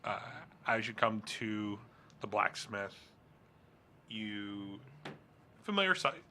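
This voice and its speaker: Male game master, very bright tone, rambling and halting delivery. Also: lowish voice, animated, slight background noise. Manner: rambling, halting narration with many fillers. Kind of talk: narrating a tabletop game.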